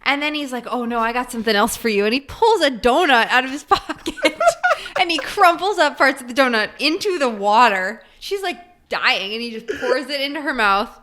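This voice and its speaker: A woman co-hosting a podcast, retelling film scenes in an animated, giggly way. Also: high voice, moderate pace, slight background noise. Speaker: podcast co-host. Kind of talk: casual film discussion.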